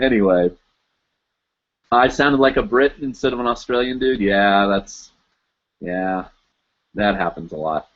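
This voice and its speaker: A man in his thirties chats casually on a live show, wandering through thoughts and hunting for words between fillers. His voice sits on the low side. The audio is dull and lo-fi, like a muffled stream. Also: husky. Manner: rambling, searching for words, many fillers. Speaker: podcast host.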